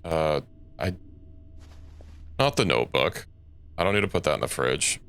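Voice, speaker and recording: A man's voice: extremely low pitch, animated, normal speed, fairly bright tone, smooth. A young man streaming a game, thinking aloud in a rambling, casual way and correcting himself as he goes. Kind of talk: casual gameplay commentary.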